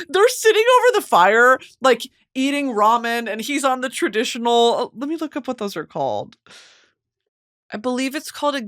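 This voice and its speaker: A woman hosting a podcast in casual chat, excitable and swearing freely, on a close studio mic. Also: fairly high pitch, moderate pace, no room sound. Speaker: podcast host.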